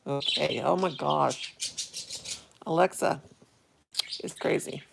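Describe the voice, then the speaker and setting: A woman's voice: low voice, slow, creaky, a little hiss or hum. A woman hosting a casual home vlog, chatting in a rambling, easily amused way while sitting by a window. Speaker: vlog host. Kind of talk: casual chat to viewers.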